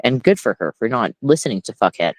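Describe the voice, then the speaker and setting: A man's voice: medium pitch, big pitch swings, fast, dry recording, poor audio. A man in his forties ranting heatedly and with lots of swearing as a guest on a casual online panel chat. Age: 40s.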